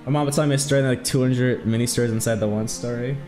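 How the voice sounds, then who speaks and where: A man streaming a video game, chatting casually and rambling, with sudden loud exclamations when something excites him. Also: mid-range voice, very fast, soft background music. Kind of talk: casual let's-play chat.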